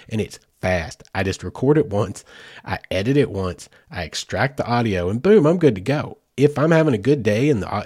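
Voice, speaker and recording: A man's voice: lowish voice, a little mellow, no echo, studio quality. A man hosting a podcast, rambling casually with self-deprecating asides. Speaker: podcast host.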